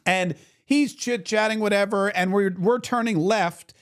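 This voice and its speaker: Rambling, animated male political show host. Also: high-pitched, measured pace, smooth. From Florida. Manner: rambling storyteller, animated impressions. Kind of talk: casual political commentary.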